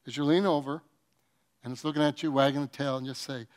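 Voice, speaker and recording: A man preaching a sermon, telling comic stories with acted-out quotes and swinging between loud bursts and soft, earnest passages. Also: mid-range voice, steady tone, quick pace, smooth. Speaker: pastor.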